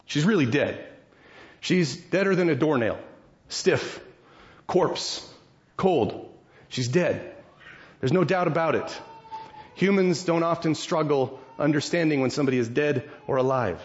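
A man preaching a sermon, retelling a story with animated acted voices. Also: on the high side, moderate pace. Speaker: pastor. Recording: dull lo-fi sound.

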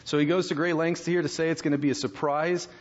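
A man preaching a sermon as pastor, conversational and self-deprecating, breaking into quick asides. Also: fairly high pitch, fairly even intonation. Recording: slightly dull lo-fi sound.

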